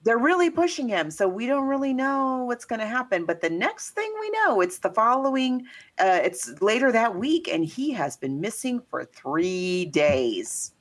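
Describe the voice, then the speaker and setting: A woman's voice: fairly high pitch, very animated, a little slow. A woman co-hosting a podcast, chatting about a film and building on her co-host's points. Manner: conversational, adds to and finishes her co-host's points. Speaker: podcast co-host. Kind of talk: casual chat recapping a film.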